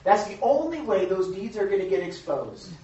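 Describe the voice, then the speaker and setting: A woman preaching a lively youth sermon as youth pastor, emphatic and animated, recorded from a distance in a church hall. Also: medium pitch, normal speed. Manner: animated, emphatic, acts out quoted voices. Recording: echoey hall from far off, dull.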